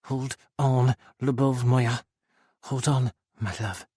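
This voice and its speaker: A male fighter speaks in stiff, formal English, each word set down with care, as a male narrator puts him on. His voice sits in a middling pitch and sounds dry and close, with no echo. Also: fairly even intonation, takes it slowly, mellow, husky. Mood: tender. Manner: formal, no contractions.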